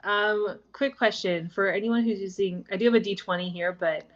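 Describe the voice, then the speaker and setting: A young woman playing a tabletop game online, hesitant and pausing often. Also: medium pitch, fairly even intonation, muffled recording. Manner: hesitant, with many pauses and "um"s. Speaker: player. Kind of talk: casual chat at a game table.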